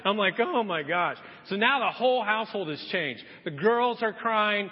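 High-pitched and animated with a breathy edge, a pastor preaches at a moderate pace, performing the voices of the figures in his story. Muffled sound and long reverb mark the church hall recording.

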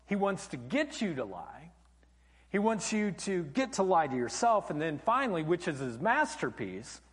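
Animated high-voiced male pastor. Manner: animated storytelling, dropping to a hush for emphasis. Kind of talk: sermon. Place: church auditorium. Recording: long church hall reverb.

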